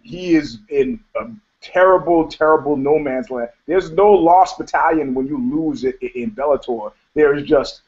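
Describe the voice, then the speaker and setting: Guy cohosting a chatty show, kinda high voice, laughs a lot, cusses, muffled lo-fi sound. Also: moderate pace, darkish tone. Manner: profane, laughing storyteller. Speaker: podcast co-host. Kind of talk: casual chat. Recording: dull lo-fi sound.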